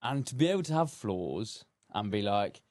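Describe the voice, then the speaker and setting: A man's voice: lowish voice, lively intonation, moderate pace, darkish tone, no echo. Blunt, joking man hosting. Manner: blunt and joking, swears casually. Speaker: podcast host. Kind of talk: casual conversational interview.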